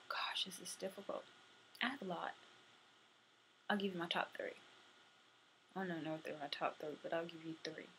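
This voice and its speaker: A young woman chatting casually to camera, answering questions for a tag video, sometimes dropping to a soft murmur. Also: lowish voice, steady tone, normal speed, vocal fry, pauses often, slight background noise, poor audio. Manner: chatty, drifting between soft murmurs and bright bursts.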